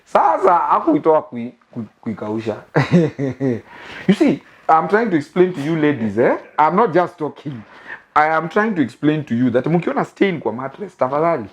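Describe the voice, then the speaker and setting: A man's voice: a little high, very animated, moderate pace. A young Kenyan man hosting a comic monologue, mixing English and Swahili slang and laughing often. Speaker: host. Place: living room of a new house.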